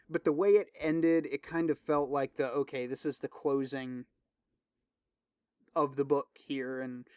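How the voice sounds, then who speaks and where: A man's voice: a little high, a little mellow, no echo, studio quality. A man hosting his own podcast, rambling casually with lots of swearing and fillers while eagerly recommending things. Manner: loose, profane, filler-heavy rambling with restarts; enthusiastic recommending. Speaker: podcast host. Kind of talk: casual solo podcast chat.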